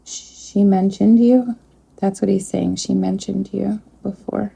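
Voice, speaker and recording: Slow, gravelly-voiced woman medium. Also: mid-range voice, fairly even intonation. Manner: soft-spoken, pausing to address an unseen presence. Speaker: psychic medium. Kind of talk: spirit communication session.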